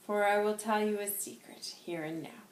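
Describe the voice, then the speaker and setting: A woman voicing a wise old male spirit guide who speaks in formal, old-fashioned phrases, softly and half-whispered. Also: mid-range voice, normal speed, reverberant, a little hiss or hum, natural voice. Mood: solemn.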